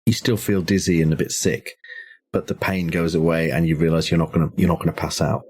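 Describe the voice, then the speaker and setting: A man running a tabletop horror game as game master, narrating in a measured, descriptive way with small hesitations. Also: low-pitched, flat delivery, darkish tone, slight background noise.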